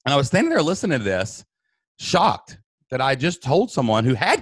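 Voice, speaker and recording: A man's voice: mid-range voice, huge pitch swings, normal speed, slightly rough, dry recording. A man guest in an interview, earnestly telling an emotional personal story and acting out the dialogue. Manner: earnest, emphatic, acts out quoted dialogue.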